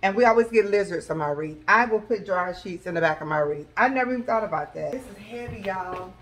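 A woman vlogger, chatting excitedly to her viewers from her home kitchen. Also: medium pitch, fast talker. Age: adult with school-age children. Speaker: vlogger sharing a grocery haul. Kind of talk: casual chat to camera.

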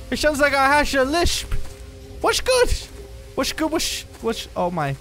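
A man's voice: extremely high pitch, huge pitch swings, unhurried, a bit bright, faint music behind. A young man playing a horror game and commenting on it, jumpy and exclaiming, with bursts of nervous laughter. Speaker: gaming YouTuber. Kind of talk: horror let's play commentary.

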